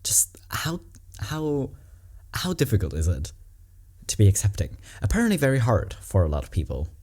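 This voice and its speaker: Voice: medium pitch, huge pitch swings, normal speed, a little mellow. A reaction vlogger in casual commentary, candid and rambling, with emotional asides.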